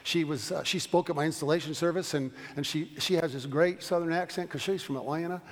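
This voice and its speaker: A man teaching a Bible study in a large hall, speaking quickly and eagerly with many restarts. His voice sits a little high and rings with a long room reverb. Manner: fast-talking, animated, stumbles and restarts. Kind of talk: Bible study lecture with questions.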